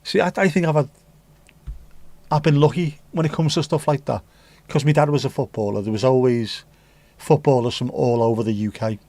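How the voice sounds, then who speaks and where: A man's voice: medium pitch, fairly even intonation, brisk, mellow, dry recording. A man hosting a livestream, chatting casually and reading out viewer comments with rambling, jokey asides and free swearing. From England. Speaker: livestream host.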